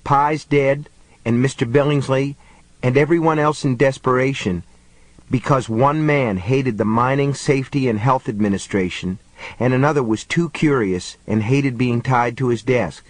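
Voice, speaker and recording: A man voicing a solemn young boy who talks quietly and gravely about terrible things. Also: mid-range voice, moderate pace, no echo, close to an everyday voice.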